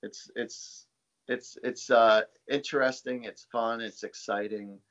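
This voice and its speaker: A man's voice: medium pitch, steady tone, slow, a bit bright, highs cut off. A man, a psychic guest, telling stories casually in an interview, rambling with many fillers and repeated words.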